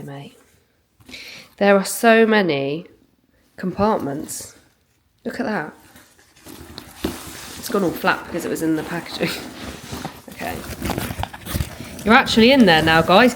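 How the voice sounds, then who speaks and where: A woman's voice: lowish voice, reverberant, a little hiss or hum, poor audio. Chatty woman unboxing at home. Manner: chatty, swears casually, gushing. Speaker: vlogger. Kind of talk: casual unboxing vlog. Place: home, indoors.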